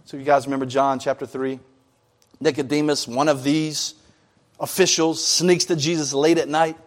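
A man with a notably high voice preaching from the pulpit. He moves between reading scripture and relaxed, chatty retellings with casual slang. The delivery stays conversational rather than formal. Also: moderate pace, long pauses. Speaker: pastor. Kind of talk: sermon.

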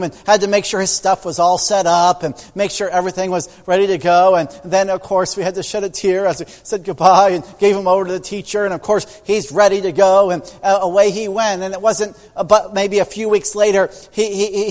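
Middle-aged guy preaching, high voice, storyteller style, lots of hall echo. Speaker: pastor. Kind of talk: sermon. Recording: long hall reverb.

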